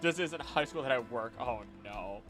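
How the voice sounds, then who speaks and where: A young man chatting casually with his live-stream audience, animated and exclaiming, laughing often. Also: mid-range voice, moderate pace, soft background music.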